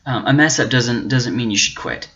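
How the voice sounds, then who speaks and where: A man giving an earnest, faith-based motivational talk, encouraging and halting, often restarting and repeating words. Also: mid-range voice, a bit bright. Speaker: self-help channel host. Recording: dull, muffled lo-fi audio.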